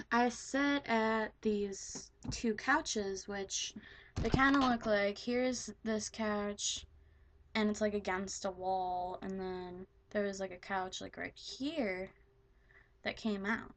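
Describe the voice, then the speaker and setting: A teenage girl casually telling a story to the camera, rambling with lots of "like" and swearing freely. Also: medium pitch. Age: teens. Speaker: vlogger.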